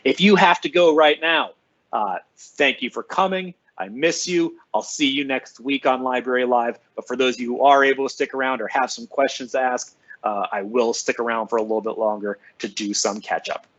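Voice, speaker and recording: An upbeat male school librarian chats on a live stream, reading out viewers' names and answering their comments one by one. His voice sits at an ordinary middle pitch. The sound is slightly dull and lo-fi. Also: normal speed, a bit bright. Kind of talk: casual live-stream chat with students.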